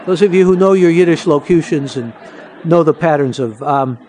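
A man's voice: on the high side, moderate pace, dark tone, a little hiss or hum. A man, an author giving a talk about his book, telling jokes and anecdotes and acting them out with voices. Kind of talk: lecture with joke-telling.

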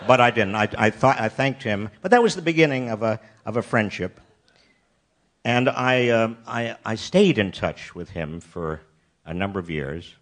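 An older American man telling a personal story in a wry, self-deprecating way, often halting and restarting his sentences. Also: on the low side, lively intonation. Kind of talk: personal anecdote talk.

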